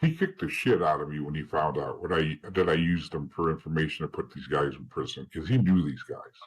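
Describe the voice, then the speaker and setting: A man's voice: extremely low pitch, animated, a little fast, slightly rough, rough recording. A middle-aged man with a New Jersey accent telling his story in a blunt, profane, streetwise way, acting out the dialogue as he goes. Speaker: interview guest, former informant. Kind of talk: casual storytelling.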